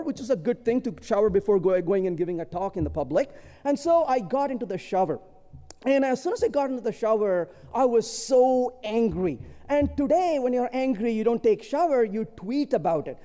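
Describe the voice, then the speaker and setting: A man speaking at a conference, telling stories and tagging points with rhetorical questions. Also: very high-pitched. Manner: animated storytelling, rhetorical "isn't it?" tags. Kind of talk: conference talk with anecdotes. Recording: long hall reverb.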